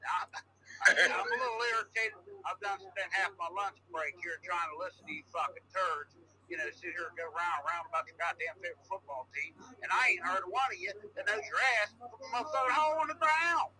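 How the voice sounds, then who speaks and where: A man's voice: high-pitched, fairly quick, pushed and bright, a little hiss or hum, voice pushed up, rough recording. A man putting on an angry, foul-mouthed caller, a coal miner from Pittsburgh who rants and stammers. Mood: irritated ranting. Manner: cursing, irritated, stammering rant.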